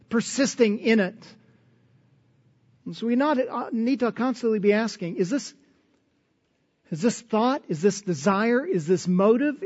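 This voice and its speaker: A man's voice: extremely high pitch, muffled recording. A man preaching a sermon in an earnest, conversational way, posing strings of rhetorical questions. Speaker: pastor.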